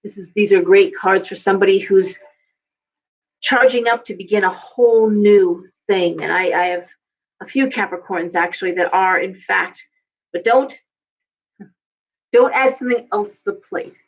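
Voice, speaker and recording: A woman's voice: medium pitch, moderate pace, pauses often, muffled recording. A woman giving a casual live tarot reading, chatty and coaching, often repeating herself. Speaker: tarot reader.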